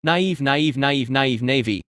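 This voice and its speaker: A man's voice: a little high, expressive, normal speed, no echo, clean studio sound, lightly acted. A man voicing a grotesque male creature leader who speaks with cheery, fanatical zeal. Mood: zealous. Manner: cheery, zealous, cackling.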